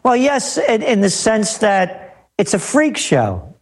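A male guest commentator on talk radio with a high, very lively voice. He speaks slowly and sardonically, lecturing with open scorn.

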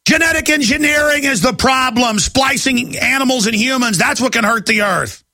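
High-pitched gravelly ranting man. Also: normal speed, bright, forceful tone, dry recording. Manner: ranting, heated and agitated. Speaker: radio talk show host. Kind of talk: talk radio monologue.

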